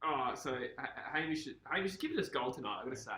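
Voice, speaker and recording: A man's voice: mid-range voice, expressive, bright, forceful tone. A young man with a mild Australian accent, co-hosting a casual live stream over a football game and reading out viewer comments. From Perth, Australia. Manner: chatty, reads viewer comments, quick laughs. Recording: echoey room.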